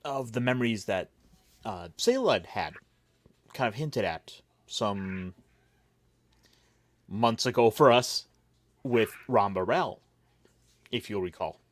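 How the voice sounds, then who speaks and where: A man's voice: mid-range voice, very animated, slow, pauses often, dry recording. A man hosting a casual roundtable chat, recapping with wry, mocking asides. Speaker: podcast host.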